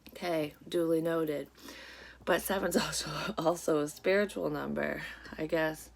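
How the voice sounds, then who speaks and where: A woman's voice: deep voice, moderate pace, gravelly. A woman in her thirties, a psychic vlogger, chatting casually; she rambles with many fillers and curses, sounds congested and a bit sleepy. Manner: rambling, profane, lots of fillers. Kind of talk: casual chat.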